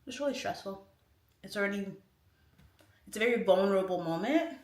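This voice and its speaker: A woman's voice: mid-range voice, brisk, distant mic. A woman livestream host from Tacoma, chatting candidly and reading viewer comments from her kitchen, laughing often. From Tacoma, Washington, USA. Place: home kitchen. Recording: roomy echoey kitchen.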